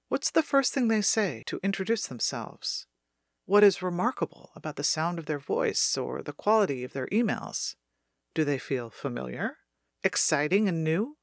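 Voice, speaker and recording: A woman reading her own self-help audiobook aloud, calm and measured as she guides the listener through a writing exercise. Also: mid-range voice, no room sound, studio quality.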